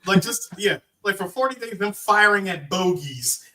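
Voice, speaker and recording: A man co-hosting a podcast, wisecracking and slipping into quick bits, heard on a distant mic with faint noise. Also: high-pitched, expressive, bright, forceful tone. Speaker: podcast co-host. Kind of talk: casual chat.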